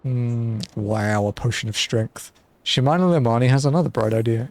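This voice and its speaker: A man's voice: mid-range voice, normal speed, darkish tone. A young man streaming a game, commenting casually in a joking, slangy way. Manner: joking, laid-back, slangy. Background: faint game music.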